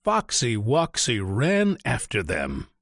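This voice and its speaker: A man narrates a storybook in a slow, measured way. His voice is mid-pitched and strongly sing-song, rising and falling a great deal. The sound is close-miked and completely dry. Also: gravelly, no echo. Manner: expressive, deliberate. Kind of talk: storybook read-aloud narration.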